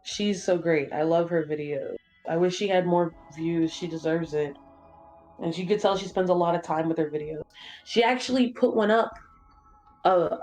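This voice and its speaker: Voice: mid-range voice, darkish tone. A gaming channel co-host chatting casually during a playthrough, rambling with lots of fillers and swearing freely. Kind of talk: casual chat while streaming a game.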